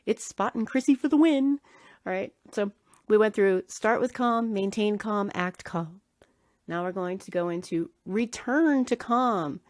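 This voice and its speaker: A woman's voice: medium pitch, unhurried, dry recording, clean studio sound. A woman hosting a solo podcast that teaches dog grooming. She coaches earnestly and repeats key words for emphasis.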